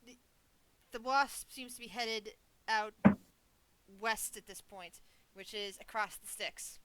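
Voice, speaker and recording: A woman's voice: a little high, pushed and bright, a little hiss or hum, low-quality recording. A woman acting as game master, narrating what the players see and making rules calls, now and then correcting herself. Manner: clear, quick rules calls with brief self-corrections.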